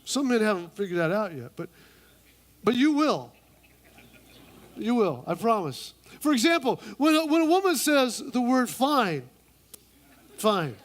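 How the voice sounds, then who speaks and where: A man preaching a humorous sermon in church, playfully acting out conversations and mimicking women in a high voice. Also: sing-song, a little slow, long pauses, a bit bright. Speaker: pastor.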